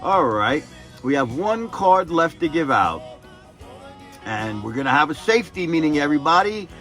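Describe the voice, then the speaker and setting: A man putting on the voice of a gruff union official who scolds and teases a young worker, loud and lecturing. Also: fairly high pitch, sing-song, normal speed, faint music behind, pitched above the performer's own voice. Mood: mock scolding. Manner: mock-stern, loud, lecturing.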